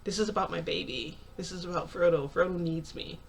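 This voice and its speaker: A woman's voice: fairly low pitch, a little fast, slightly rough. A young woman vlogger retelling a story to her viewers in a chatty, rambling way, quoting what people said. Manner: chatty, filler-heavy retelling with quoted dialogue.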